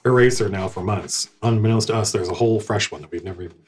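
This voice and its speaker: A man narrating as game master, talking in a rambling, halting way with many restarts. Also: fairly low pitch, darkish tone, husky.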